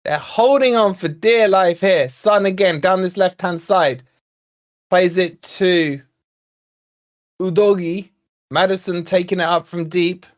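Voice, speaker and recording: Excitable fan commentating live. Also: male voice, high voice, a little slow. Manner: excitable, shouts at chances and fouls; chatty, talks to viewers and co-host. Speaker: fan channel host. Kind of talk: live watch-along commentary.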